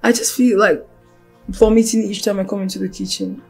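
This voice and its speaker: A woman's voice: mid-range voice, fairly even intonation, brisk, vocal fry, darkish tone, soft background music, lightly acted. An actress playing a fussy young wife who pleads with her husband. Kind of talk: Nollywood film acting.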